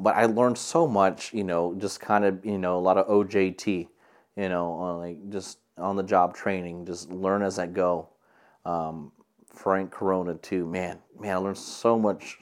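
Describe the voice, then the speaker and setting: A man's voice: deep voice, a little mellow. A young man hosting a solo podcast, talking in a rambling, earnest way with many fillers and repeated words. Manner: earnest and encouraging. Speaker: podcast host. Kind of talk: casual solo podcast monologue. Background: air conditioner hum.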